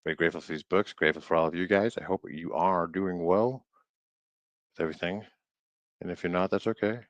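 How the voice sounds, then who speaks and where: Low-voiced man riffing while reading aloud. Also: steady tone, dry recording, lo-fi sound. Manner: reads aloud haltingly, stumbling over words and riffing jokingly. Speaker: streamer reading an old book. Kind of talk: casual live-stream book reading with commentary.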